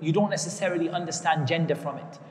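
High-voiced man teaching in a hall. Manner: explanatory, repeats key terms slowly. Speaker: Islamic teacher. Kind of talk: religious lecture.

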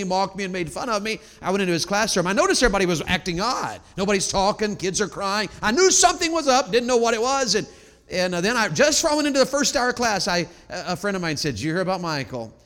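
A man preaching a sermon, moving between loud exhortation and quiet storytelling. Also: high-pitched, in a large hall. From Tennessee. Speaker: pastor.

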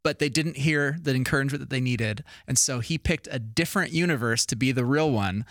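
A man's voice: medium pitch, fairly quick, a bit bright, dry recording, clean studio sound. Rambling, nerdy man co-hosting. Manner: playful, rambling, nerdy musings. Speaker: podcast co-host. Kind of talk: casual chat.

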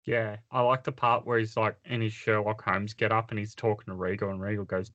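A man's voice: on the low side, level tone, brisk, a bit bright. A man co-hosting a casual podcast chat, dropping dry, wry quips. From Australia. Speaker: podcast co-host. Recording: slightly dull lo-fi audio.

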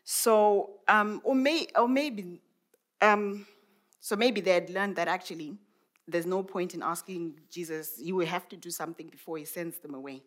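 A woman's voice: lowish voice, normal speed. A woman, a mother, preaching a sermon in a reflective way, musing aloud with many rhetorical questions. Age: adult mother.

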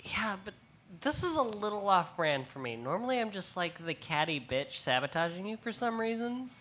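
A woman's voice: medium pitch, very animated, moderate pace, fairly bright tone, slight background noise. A woman reading the part of a catty rich teenage girl in a comedic table read, snappy and sarcastic. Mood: snarky.

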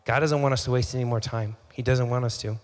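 A male pastor gives a casual, talky sermon to his congregation. His voice sits at an ordinary middle pitch. He slips into short acted-out exchanges and doubles back on his words. The sound carries a long hall reverb. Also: steady tone, quick pace. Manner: conversational, acts out dialogue, repeats phrases. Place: church hall.

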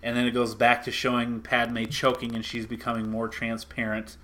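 A man with a bright, forceful voice retells a comic book story in a casual chat. He talks in an animated way and acts out the characters' lines as he goes. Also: mid-range voice, moderate pace.

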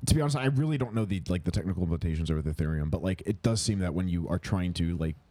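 This man co-hosts a podcast, rambling casually with plenty of fillers and restarts. His voice sits low and sounds warm, and he talks very fast and animatedly.

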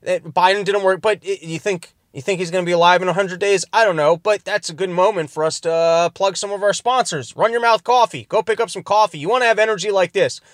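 Man, high voice, dry close sound, rambling sarcastic podcast host. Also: quick pace, few pauses, no room sound. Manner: rambling, sarcastic, self-interrupting. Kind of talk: casual comedic commentary. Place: in his car.

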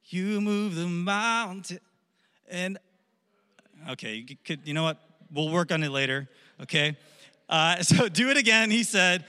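Bright-voiced man preaching in a hall. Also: a little high. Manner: joking, animated storytelling. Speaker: pastor. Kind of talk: sermon.

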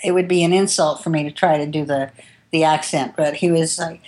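A woman's voice: low voice, steady tone, a little fast, darkish tone. A woman tattoo artist telling stories from her working life in an interview, candid and rambling, with some casual swearing. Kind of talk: interview storytelling.

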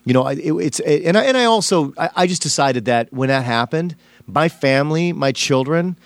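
A man's voice: a little high, expressive, fairly quick, no room sound. Rambling, emotional male comedian, dry close sound. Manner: rambling and emotional, heavy on fillers and restarts. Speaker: stand-up comedian guest. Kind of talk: casual storytelling in a podcast interview.

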